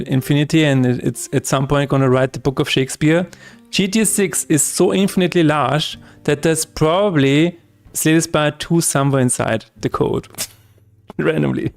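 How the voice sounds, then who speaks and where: A slightly high-voiced man hosts a relaxed coding stream. He jokes, laughs easily and wanders off on playful tangents. Faint guitar music plays underneath him. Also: clean tone. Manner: joking, laughs often, rambling asides. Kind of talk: casual live-stream chat while coding.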